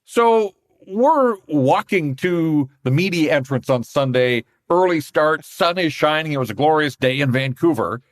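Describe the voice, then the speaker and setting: A man's voice: fairly high pitch, animated, unhurried, hardly any pauses. A man, co-hosting a hockey podcast in casual chat and telling stories with frequent laughs. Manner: chatty storyteller, laughs often. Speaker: podcast co-host, hockey reporter.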